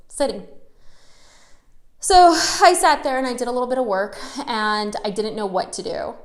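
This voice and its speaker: A woman mortgage loan officer talks casually to the camera in a chatty, animated way. Her voice sits on the high side, and the room around her sounds echoey. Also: normal speed. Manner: chatty, animated, acts out quotes. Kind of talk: casual storytelling vlog.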